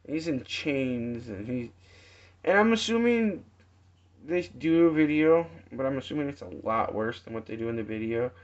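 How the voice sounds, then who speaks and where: A man preaching informally, retelling a parable in a halting storytelling manner with many restarts. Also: medium pitch, animated. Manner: slow, halting storytelling with restarts and acted quotes. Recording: dull lo-fi sound.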